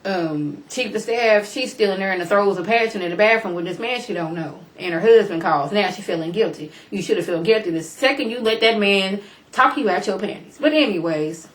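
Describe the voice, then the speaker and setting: Animated woman recapping a TV show. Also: brisk. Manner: animated, incredulous, rises into high exclamations; colloquial, chatty, talks straight to viewers. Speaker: vlogger recapping a TV series. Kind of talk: casual chat recap.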